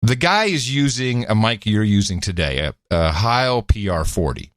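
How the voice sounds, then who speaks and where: A man's voice: on the low side, lively intonation, moderate pace, no echo, clean studio sound. A man co-hosting a podcast in casual banter, teasing his partner and laughing often. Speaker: podcast co-host. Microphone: studio microphone.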